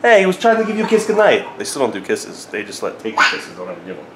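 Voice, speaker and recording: Dad talking to toddlers, lively voice. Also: male voice, fast talker, a crowd in the background. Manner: jumps to a high sing-song voice talking to his toddlers. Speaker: father filming his kids. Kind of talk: casual family vlog. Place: family home, living room. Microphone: handheld camera. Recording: noisy home camera audio.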